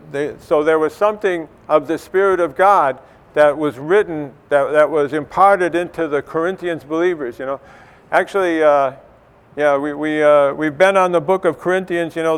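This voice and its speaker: Smooth-voiced man giving casual church teaching. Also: on the high side, moderate pace. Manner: conversational, many fillers and restarts. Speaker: church speaker.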